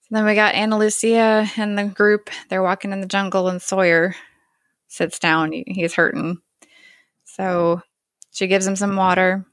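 A podcast co-host retells a TV episode scene by scene in a casual chat, quoting the characters in her own voice. She speaks at normal speed with a medium pitch, little pitch movement and a fairly bright tone, on a dry recording.

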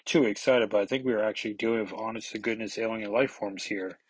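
A man's voice: on the low side, fairly even intonation, quick pace, breathy edge, dry recording. A man voicing an erudite male mutant scientist from a comic, with old-fashioned exclamations and long wordy sentences. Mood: excited.

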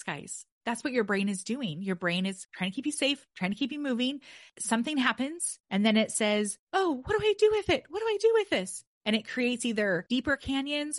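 A woman's voice: fairly high pitch, fairly bright tone, no room sound, clean studio sound. A woman hosting a podcast, teaching in a chatty, upbeat way and coaching listeners through breathing exercises from her desk microphone. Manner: chatty and upbeat, laughs at own jokes. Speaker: podcast host teaching about the brain. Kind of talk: casual teaching talk with guided breathing. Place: at a desk, indoors. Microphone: desk microphone, leaning in close.

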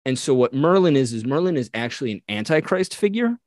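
A man in the middle of a lively retelling on a podcast, jumping into little voices for the characters as he goes. His pitch sits mid-range and the sound is close and dry, with no room around it. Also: fast talker, dry recording. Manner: animated retelling, acting out quoted characters. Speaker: podcast co-host. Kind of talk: casual storytelling chat.

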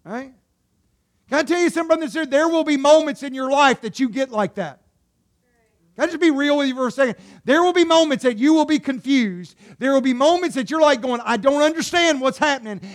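A man preaching a sermon. He asks the congregation rhetorical questions and calls out to them directly, dropping into soft, low passages and then rising into loud exhortation. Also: a little fast. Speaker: pastor.

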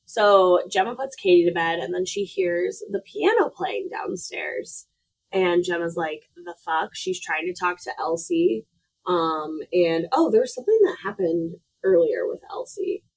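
A woman's voice: on the low side, big pitch swings, a little slow, gravelly, slightly rough, low-quality recording. A woman co-hosting a podcast, recounting a film plot in a loose, profane manner with many fillers. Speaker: podcast co-host. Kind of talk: casual movie recap.

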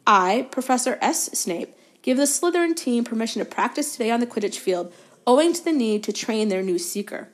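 A woman's voice: fairly high pitch, animated, fairly quick. A woman reading aloud and voicing a large, cunning teenage boy rival captain who speaks slyly and carelessly. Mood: smug. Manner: sly, careless, gloating.

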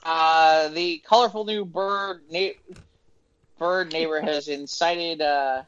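A man's voice: on the high side, fairly even intonation, slow pace, a bit bright, muffled recording, a little hiss or hum. A man hosting a casual comedy news podcast, playful with announcer flourishes and rambling restarts. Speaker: podcast host.

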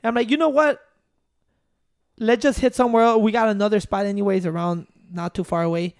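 A man, co-hosting a casual chat and telling a story in a profane, excitable way. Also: sits high, brisk, clean tone, no echo, studio quality.

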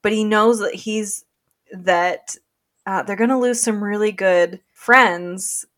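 A woman's voice: medium pitch, steady tone, takes it slowly, fairly bright tone. Chatty woman podcast co-host. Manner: chatty, laughs often, many fillers. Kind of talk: casual chat.

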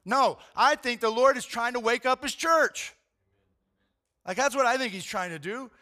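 A man preaching a sermon, retelling a story in animated, casual language with slang like "man" and "bro". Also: extremely high pitch, moderate pace. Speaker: pastor.

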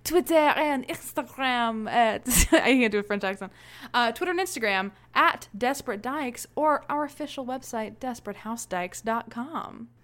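Excitable swearing woman podcast co-host. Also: a little high, moderate pace. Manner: excitable, swearing, laughing often. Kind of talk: casual chat.

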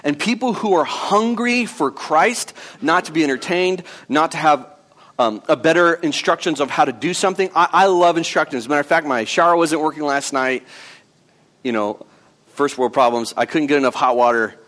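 Earnest conversational male pastor, higher voice. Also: moderate pace, fairly bright tone. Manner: conversational, earnest preaching with asides. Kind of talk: sermon.

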